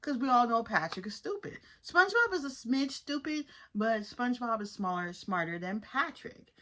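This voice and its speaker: Chatty bright-voiced woman reviewer. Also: on the high side, normal speed, a little hiss or hum. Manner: chatty, animated, addresses viewers as y'all. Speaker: episode reviewer. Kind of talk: casual commentary.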